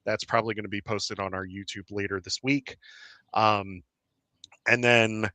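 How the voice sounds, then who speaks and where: A man's voice: on the low side, steady tone, moderate pace, sharp tone, dry recording. A young man chatting casually as a podcast co-host, rambling with lots of fillers and frequent laughter. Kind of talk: casual chat.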